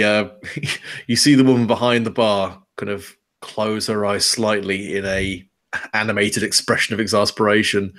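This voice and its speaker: A game master with a low voice describes scenes in a loose, rambling way. He is full of fillers as he sets the scene for his players. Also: fairly bright tone. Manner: casual, rambling, many fillers. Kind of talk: narrating a tabletop game.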